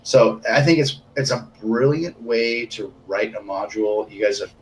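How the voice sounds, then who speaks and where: A man who runs tabletop games, chatting casually and excitedly with game designers, often rambling and laughing. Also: fairly low pitch, moderate pace, roomy sound, slight background noise, poor audio. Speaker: game master.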